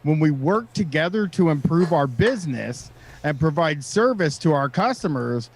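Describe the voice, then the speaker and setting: A man's voice: a little high, lively intonation, moderate pace, a little hiss or hum. A man co-hosting a casual talk show, reading out points and mocking them sarcastically. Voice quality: sarcastic, reads text and mocks it. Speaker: podcast co-host. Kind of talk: casual chat, reading aloud and commenting.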